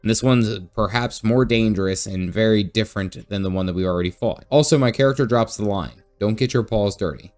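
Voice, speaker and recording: A man's voice: fairly low pitch, fairly quick, few pauses, a little mellow. A man recapping a game playthrough in a casual, jokey, chatty way, often laughing. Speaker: gaming video creator.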